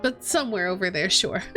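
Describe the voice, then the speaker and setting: A woman's voice: mid-range voice, sing-song, moderate pace, bright, forceful tone, soft background music. A woman streaming a game, making playful, joking asides. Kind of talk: let's play commentary.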